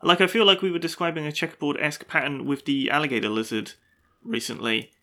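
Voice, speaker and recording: A man's voice: on the high side, steady tone, quick pace, bright, forceful tone. A man co-hosting a casual science podcast, describing an animal in an easygoing way with fillers. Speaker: podcast co-host.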